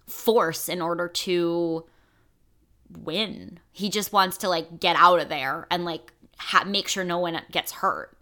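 A woman co-hosting a podcast in casual chat, talking fast and loosely with lots of fillers. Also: on the low side, sharp tone. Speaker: podcast host.

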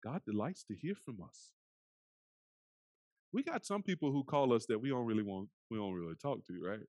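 A pastor delivers a sermon in an earnest voice that often sinks to soft, hushed phrases. His voice sits at an ordinary middle pitch for a man. The sound is dry and close, with little room around it. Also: lively intonation, moderate pace, no echo. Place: church sanctuary.

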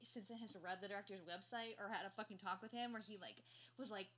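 A woman's voice: medium pitch, quick pace, pushed and bright. A young woman co-hosting a podcast, chatting casually and animatedly, with lots of fillers and swearing. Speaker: podcast co-host. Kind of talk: casual chat.

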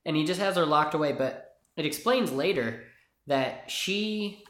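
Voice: medium pitch, lively intonation, unhurried, a bit bright. A young adult co-hosting a podcast, chatting expressively about a comic and reading passages aloud. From United States. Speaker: podcast co-host. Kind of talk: casual chat about a comic. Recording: roomy echo.

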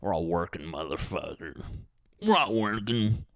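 A man in his thirties talks alone into his podcast mic from his apartment. He rambles from one thought to the next, swears freely and makes fun of himself. His voice sits low and sounds dry and close, with no room echo. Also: animated, measured pace. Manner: rambling, profane, self-mocking. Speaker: podcast host. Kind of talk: rambling solo podcast monologue.

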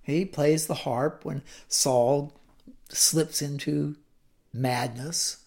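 A woman's voice: deep voice, fairly even intonation, extremely slow, mellow. A woman retelling a Bible story in a chatty teaching style, with asides and repeated words.

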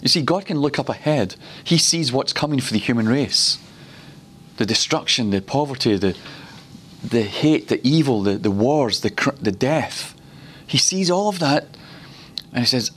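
A man from Glasgow giving a teaching sermon at a ministry school, telling stories and slowing down to repeat words for emphasis. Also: mid-range voice, animated, fairly bright tone, a little hiss or hum. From Glasgow, Scotland.

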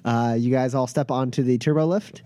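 A man narrating as game master of a tabletop role-playing game, describing scenes with many filler pauses. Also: medium pitch, fairly even intonation, dark tone, no echo.

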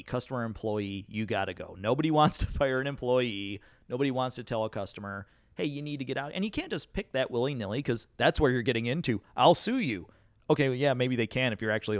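A man's voice: mid-range voice, dry recording, studio quality. A man in a casual podcast chat, folksy and jokey, sharing his views on managing retail. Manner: folksy, jokey asides, laughs while talking. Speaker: podcast co-host.

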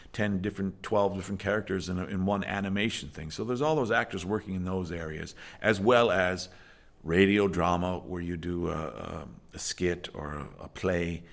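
A man, an acting teacher, talking casually in an interview, often restarting his sentences. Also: low-pitched. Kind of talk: documentary interview.

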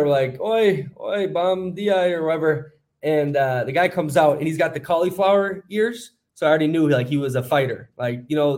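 A man's voice: on the high side, darkish tone. A man co-hosting a podcast, telling a long story in a rambling, casual way with lots of fillers. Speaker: podcast co-host.

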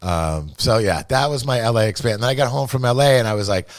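A man's voice: mid-range voice, fast talker, no room sound, clean studio sound. A man telling a rambling, profane, self-deprecating story in casual podcast talk.

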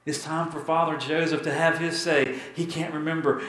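A man pastor telling a story in a sermon, dramatic and repetitive, with emphatic pauses. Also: a little high, flat delivery, fairly bright tone, reverberant, low-quality recording.

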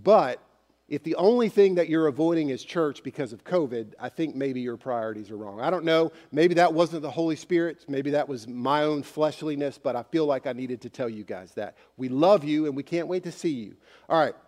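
Pastor with a raised voice in a reverberant sanctuary. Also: male voice, a little high, normal speed, a little mellow. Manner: conversational, speaks straight to the congregation. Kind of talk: sermon. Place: church sanctuary.

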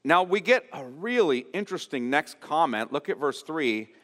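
A man preaching an expository sermon as pastor, earnest and explanatory, often pausing to restate a phrase. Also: fairly high pitch, big pitch swings, fairly bright tone, in a large hall. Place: church sanctuary.

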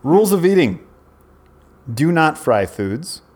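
A man's voice: fairly high pitch, sing-song, slow, darkish tone. A man in his forties, a podcast co-host, telling a long rambling story in casual chat, often breaking off and restarting. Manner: rambling, self-interrupting storyteller.

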